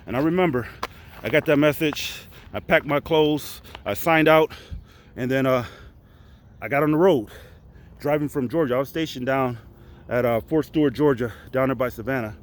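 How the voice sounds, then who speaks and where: A man's voice: medium pitch, moderate pace. Earnest man telling a personal story. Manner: earnest, conversational, many fillers and restarts. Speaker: motivational speaker.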